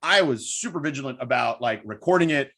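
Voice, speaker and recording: A man, a sports broadcaster guest, telling stories in a quick, animated way in a casual interview. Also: medium pitch.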